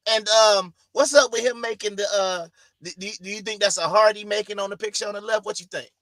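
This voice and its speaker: A man's voice: high voice, a little fast, a bit bright, dry recording. A man co-hosting a casual podcast, talking loosely in slang and riffing with his co-host.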